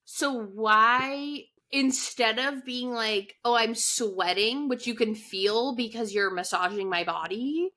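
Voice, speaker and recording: A young woman with a bright, slightly high voice chatting on a podcast. She rambles through her stories, hedging and stacking fillers as she goes. Her tone stays crisp and forward. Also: slow pace, few pauses. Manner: rambling, filler-heavy, hesitant. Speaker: podcast co-host. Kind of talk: casual chat.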